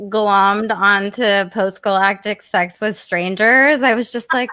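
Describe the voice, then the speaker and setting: A woman's voice: mid-range voice, fairly even intonation, slow pace, bright, forceful tone, smooth, dry recording. A woman co-hosting an online event, chatty and effusive over a video call. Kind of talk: casual chat.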